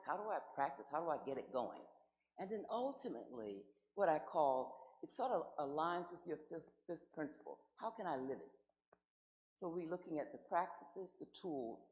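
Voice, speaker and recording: Low-voiced woman minister, lively preaching. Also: poor audio. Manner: warm conversational preaching with rhetorical questions. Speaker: guest minister. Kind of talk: sermon.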